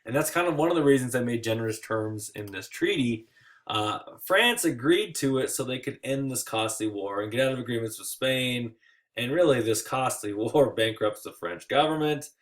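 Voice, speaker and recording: A man giving a recorded history lecture over slides, casual and joking, with playful asides and quick put-on voices. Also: medium pitch, lively intonation. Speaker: history teacher.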